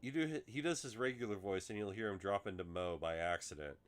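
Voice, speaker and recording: A man hosting a casual chat, telling stories in an animated way and swearing freely. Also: fairly low pitch, quick pace. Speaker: podcast host.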